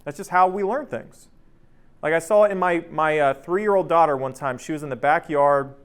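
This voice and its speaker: A man in his thirties with a smooth, higher-leaning voice talks at a moderate pace while leading an informal workplace workshop. He stays conversational, repeatedly checks in with "right?", and energetically performs his anecdotes.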